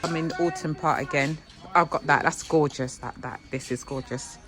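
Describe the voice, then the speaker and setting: A woman speaks in a low, fairly even voice at a moderate pace, with music playing under her. She is a vlogger in an indoor shop, excitedly and talkatively telling viewers about her finds in a casual shopping chat. The recording quality is low.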